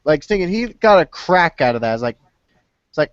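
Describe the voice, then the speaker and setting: A man's voice: on the high side, sing-song, a little fast, smooth, dry recording, dull audio. Rambling young man hosting a podcast. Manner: rambling, fills speech with "stinking". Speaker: podcast host. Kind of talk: casual chat.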